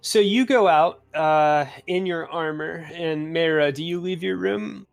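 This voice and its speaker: A man narrating a tabletop game as game master, in a relaxed, unhurried way with many fillers. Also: a little high, creaky, no echo.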